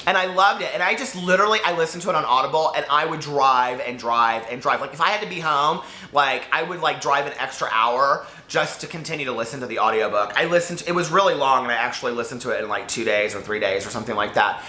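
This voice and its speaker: A man reviewing a book in a rambling, excitable, casual chat, often cutting himself off mid-sentence. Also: medium pitch, quick pace, hardly any pauses. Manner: rambling, excitable, self-interrupting. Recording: echoey room.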